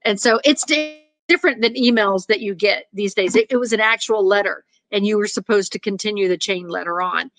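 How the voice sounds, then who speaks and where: A woman's voice: mid-range voice, brisk, dry recording. A woman reading a short story aloud, with chatty asides to her listeners. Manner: animated, laughs at the story. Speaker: reader.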